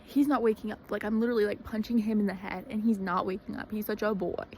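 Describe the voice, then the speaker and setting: Young woman, casual vlog storyteller, dramatic and filler-heavy, mid pitch. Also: steady tone, fast talker, darkish tone, slight background noise, poor audio. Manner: chatty, dramatic, full of fillers. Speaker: vlogger.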